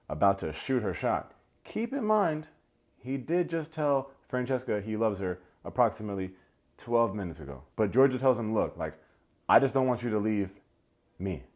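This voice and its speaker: A man's voice: on the low side, a little mellow. Sarcastic man recapping reality TV. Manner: sarcastic, playful, mimics people he quotes. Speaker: recap video host. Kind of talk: comedic reality show recap.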